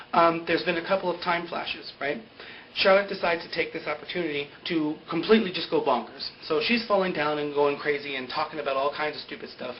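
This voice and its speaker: A young man recapping a TV episode in a casual, chatty way, full of fillers and quick laughs. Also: fairly high pitch, highs cut off, slight background noise. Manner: chatty, filler-heavy, often laughs at own jokes. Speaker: TV recap vlogger. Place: indoor greenscreen video setup.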